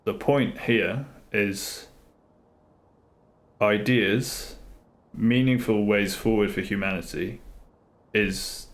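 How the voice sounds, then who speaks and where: A man's voice: on the low side, slow, long pauses. A man streaming live who talks casually and earnestly, rambling and repeating himself as he works through his ideas. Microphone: streaming mic, face off camera.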